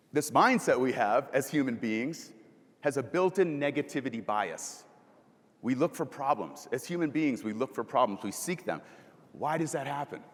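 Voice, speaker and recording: A man speaking at a middle pitch delivers a motivational keynote on a conference stage, asking questions and leading slow breathing. His voice rings through a large hall with a long reverb tail. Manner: asks the audience questions and leads breathing exercises.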